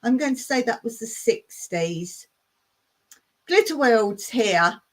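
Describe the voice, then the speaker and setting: Slow-talking, giggly woman streamer. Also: on the high side, animated, a bit bright. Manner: chatty, giggly, reads out viewer comments. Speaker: live stream host. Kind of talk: casual live stream chat. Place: home in rural Cyprus.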